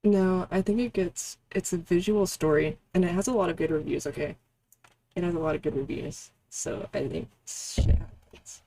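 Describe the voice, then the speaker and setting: Gravelly woman streaming a story game. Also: fairly low pitch, normal speed, warm tone. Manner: blunt, swearing, wry. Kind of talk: casual game streaming and narration.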